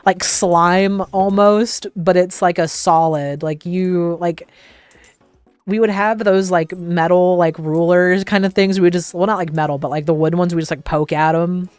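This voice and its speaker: A woman's voice: lowish voice, fairly even intonation, normal speed, a little mellow, smooth, no echo, soft background music. A young woman hosting a livestream, telling casual stories in a rambling way, full of "like" fillers and laughing often. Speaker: livestream host. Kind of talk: casual storytelling.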